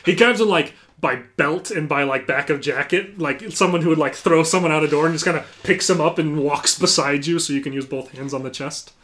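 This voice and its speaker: A man's voice: fairly high pitch, brisk, few pauses, fairly bright tone. A man narrating a tabletop role-playing game as game master, talking casually with lots of fillers.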